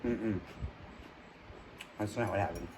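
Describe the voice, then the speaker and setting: A woman's voice: takes it slowly, a little hiss or hum, low-quality recording. Woman casually retelling a childhood scare. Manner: animated retelling with acted quotes, trailing off into low murmurs. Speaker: channel host. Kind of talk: casual storytelling while eating.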